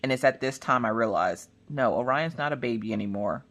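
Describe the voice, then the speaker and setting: Woman, casual storytelling chat, lively swooping pitch, chatty, lots of restarts. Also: a little fast. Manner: animated, acts out family members in shrill high voices; chatty, with many restarts and "look, listen". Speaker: crafting vlogger.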